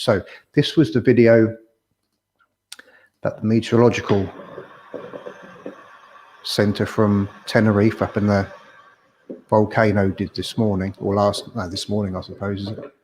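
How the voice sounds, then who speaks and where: A man in a relaxed livestream chat, rambling from one thing to the next and greeting viewers by name. His voice sits a little low. He speaks close to a tripod-mounted camera microphone, so the sound is near and direct. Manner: chatty, rambling, reads viewer comments aloud. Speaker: property agent hosting a livestream. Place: home room in Tenerife. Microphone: camera microphone on a tripod by his mouth.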